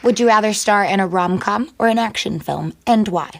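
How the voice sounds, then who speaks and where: A woman interviewer asking a run of rapid-fire questions in an upbeat, brisk way. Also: medium pitch, creaky, slight background noise.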